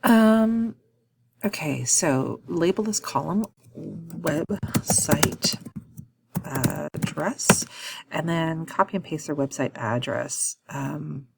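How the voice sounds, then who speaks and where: Low, gravelly-voiced woman teaching software. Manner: thinking aloud with frequent ums and quick self-corrections. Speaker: instructor. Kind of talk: screen-recorded software tutorial.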